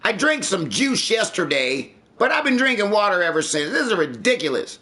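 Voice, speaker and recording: A man's voice: sits high, big pitch swings, moderate pace, pushed and bright. A man streaming live, chatting casually and ranting with lots of swearing. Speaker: livestreamer. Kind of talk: casual livestream chat.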